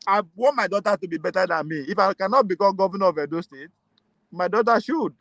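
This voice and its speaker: A man with a Nigerian accent talking politics in a casual way, animated and laughing often, mixing Pidgin and English. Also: high-pitched, fast talker, gravelly. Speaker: political commentator.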